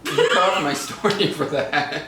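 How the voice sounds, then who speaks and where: A man's voice: a little high, a little slow, roomy sound, distant mic, background noise. A young man, co-host of a casual chat, telling childhood stories and acting out the voices in them. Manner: animated storyteller, acts out quotes.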